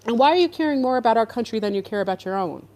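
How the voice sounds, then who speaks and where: Woman, fairly high voice, casual ranting commentary, exasperated, sarcastic. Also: very fast. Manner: animated, exasperated and sarcastic, with mocking put-on voices. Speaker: podcast host.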